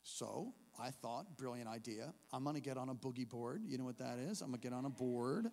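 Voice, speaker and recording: A man preaching a storytelling sermon at a church service, animated, swinging from hushed narration to shouting. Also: medium pitch, brisk, gravelly, in a large hall. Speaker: pastor.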